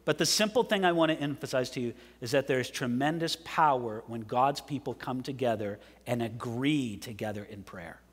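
A man's voice: medium pitch, moderate pace, few pauses, slightly rough. A man preaching a sermon as pastor, emphatic and often asking the congregation questions. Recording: long hall reverb.

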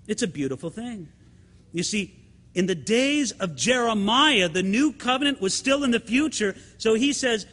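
High bright-voiced preacher in a reverberant hall. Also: male voice, animated, normal speed. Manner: emphatic, addresses the congregation as friends with rhetorical questions. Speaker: pastor. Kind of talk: sermon.

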